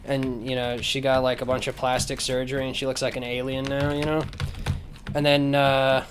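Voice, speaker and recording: A man's voice: mid-range voice, completely flat delivery, moderate pace, noisy background. A man ranting casually on a podcast, sarcastic and profane, rambling with lots of fillers, close to the mic. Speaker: podcast host. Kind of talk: casual rant. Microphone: close microphone.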